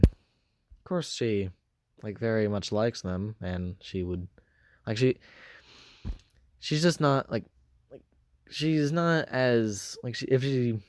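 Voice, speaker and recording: A man's voice: lowish voice, a little mellow, dry recording. A man casually retelling a fan story, hesitant and full of fillers and self-corrections.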